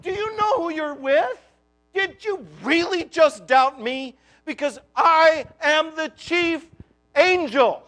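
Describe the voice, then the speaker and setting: A man's voice: very high voice, expressive, exaggerated voice. A man voicing an indignant archangel. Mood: exasperated. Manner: loud, slow and emphatic. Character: indignant male archangel, exasperated and commanding.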